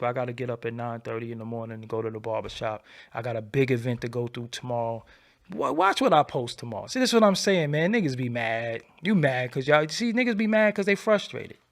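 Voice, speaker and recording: A man hosting his own channel, delivering a defiant, boastful solo rant that swings between a low murmur and loud outbursts. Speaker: channel host. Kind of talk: late-night solo rant to camera.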